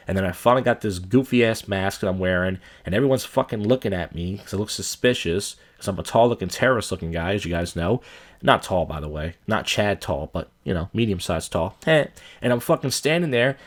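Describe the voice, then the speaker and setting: A man hosting a podcast and ranting casually and profanely. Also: on the low side. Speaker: podcast host.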